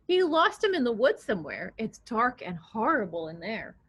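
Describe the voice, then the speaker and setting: A woman librarian reading picture books aloud to young children, expressive and coaxing, asking them questions. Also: fairly high pitch, normal speed, husky. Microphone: video recording.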